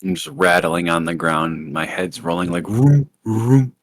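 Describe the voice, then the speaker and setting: A man's voice: sits low, big pitch swings, moderate pace, gravelly, bright, forceful tone, no room sound. A man playing a tabletop game, trading playful jokes about his shattered character. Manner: jokey, playful banter. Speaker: player. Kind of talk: casual tabletop game chat.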